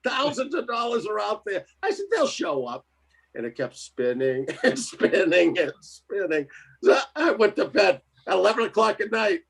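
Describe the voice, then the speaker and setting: A man's voice: high-pitched, very animated, moderate pace, vocal fry, a bit bright, breathy edge. A man telling a story in casual chat, laughing often and acting out the other voices in it. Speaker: co-host.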